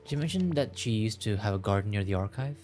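A man's voice: lowish voice, lively intonation, fast, a little mellow, soft background music, natural voice. A man voicing a curious, eager teenage girl in a game, full of questions.

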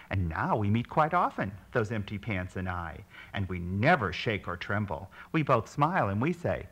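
A man reading a children's story aloud, with a husky voice, dramatic delivery that swings from hushed lines to shrieks. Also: on the low side, expressive, normal speed, few pauses.

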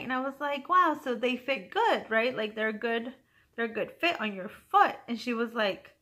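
A young woman hosting a knitting vlog, chatting casually at home and telling an anecdote with frequent giggles and playful voices for her friends. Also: moderate pace. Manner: animated, giggly, quotes friends in higher voices. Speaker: knitting podcast host.

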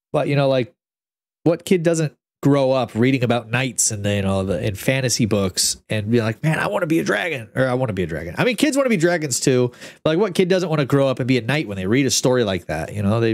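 A man's voice: medium pitch, darkish tone, no echo. A young man streaming, chatting casually and reading a kids' book aloud, rambling with restarts, close to the mic.

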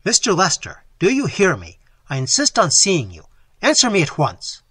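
Guy doing a bossy doctor barking orders, loud and lively, kinda husky. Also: medium pitch, normal speed, no room sound. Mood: commanding. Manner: loud, commanding, clipped. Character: stern authoritative male doctor, middle-aged.

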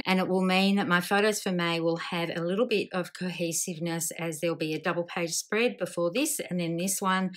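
A woman with an Australian accent narrating a scrapbooking tutorial, chatty and relaxed, thinking aloud as she works. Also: fairly low pitch. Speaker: scrapbooking video host.

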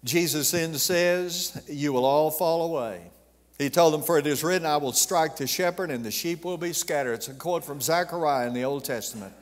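A man preaching a sermon as pastor, swelling to emphatic peaks and dropping to a hush. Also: a little high, moderate pace. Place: church sanctuary. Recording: reverberant church sanctuary.

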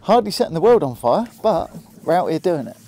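With a brisk, sing-song delivery, a fishing vlogger from Hampshire chats away from his small boat, speaking to viewers and fish alike. His voice is high-pitched yet dark in tone, and a little background noise can be heard.

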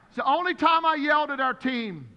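A man preaching as pastor, emphatic and repetitive, his voice rising to shouts. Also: very high-pitched, expressive, a little fast, long reverb tail, highs cut off. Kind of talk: sermon.

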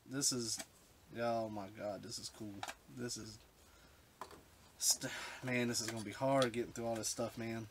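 A man unboxing retro games for his vlog, overwhelmed and choked up, often trailing off mid-sentence. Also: mid-range voice. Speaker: retro game collector vlogger. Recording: background hiss with clicks.

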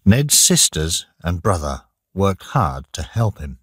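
Deep husky guy narrating a learners' audiobook, slow and lively, dry sound. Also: no room sound. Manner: slow, plain, deliberate reading for learners. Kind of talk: graded-reader audiobook narration.

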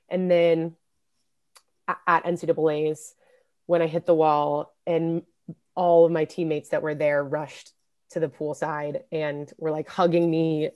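A young adult woman, a guest on a podcast interview, telling stories in a casual, lively way and laughing often. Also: low voice. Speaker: interview guest, former college swimmer. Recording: podcast audio.

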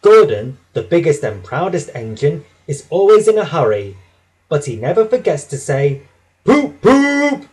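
A man narrating a children's storybook, reading slowly and expressively. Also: fairly high pitch, sing-song, darkish tone, slightly rough, rough recording.

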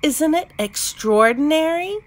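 A woman doing an excitable young frog girl. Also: sits high, a little slow, voice pushed up. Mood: excited. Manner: eager, exclaiming.

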